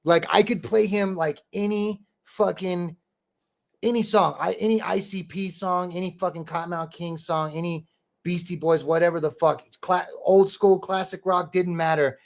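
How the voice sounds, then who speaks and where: Gravelly, slightly high rambling man. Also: fairly even intonation, normal speed. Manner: rambling, profane, peppered with "bro" and "dude". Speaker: podcast host and rapper. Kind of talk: casual storytelling chat.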